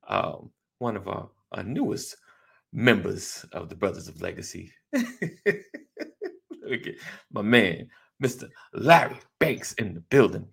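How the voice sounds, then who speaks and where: A middle-aged man hosting a casual talk show, upbeat and quick to laugh, repeating his greetings. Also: lowish voice, big pitch swings, creaky, fairly bright tone, breathy edge. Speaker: podcast host.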